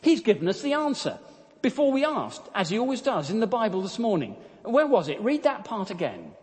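A man voicing a calm, faithful, encouraging adult woman prisoner in a sermon story, in a long echo. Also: sits high, normal speed, pitched above the performer's own voice. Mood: excited. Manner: matter-of-fact, eager, encouraging.

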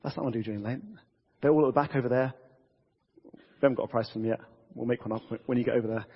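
A man preaching a casual, lively sermon to a church congregation, talking conversationally with frequent restarts. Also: mid-range voice, racing, slightly rough. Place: church hall. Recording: dull reverberant church audio.

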